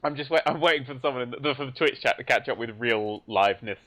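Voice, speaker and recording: A man's voice: mid-range voice, fast, pushed and bright. A man, a podcast guest, chatting casually while gaming and joking, teasing and laughing a lot.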